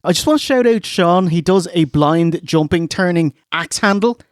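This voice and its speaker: An Irish man chatting casually as a podcast co-host, his voice a touch high. The sound is close and dry. He gets animated and slips into impressions. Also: normal speed, no room sound. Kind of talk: casual review chat.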